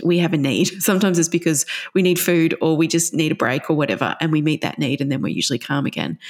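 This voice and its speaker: A parenting counsellor in her forties explains her ideas in an interview, earnest and patient, often checking that the listener is following. Her voice sits a little low and carries a gravelly fry.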